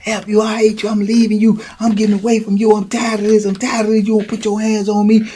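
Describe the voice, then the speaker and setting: A man's voice: sits high, monotone, fast talker, dark tone, slight background noise, voice pushed up, lightly acted. A man voicing a furious young male inmate screaming at his lover. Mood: screaming angry. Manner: screaming, repetitive accusations.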